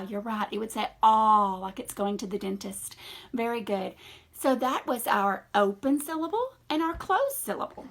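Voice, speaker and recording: Husky-voiced teacher talking to young kids. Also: female voice, fairly high pitch. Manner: slow, encouraging, sing-song teacher voice. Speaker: reading teacher. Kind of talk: phonics lesson to children.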